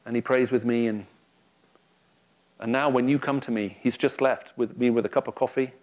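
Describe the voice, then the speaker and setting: Lively, humorous man giving a talk. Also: medium pitch, moderate pace. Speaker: Christian speaker addressing an audience. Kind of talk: public talk with anecdotes. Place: room with a live audience.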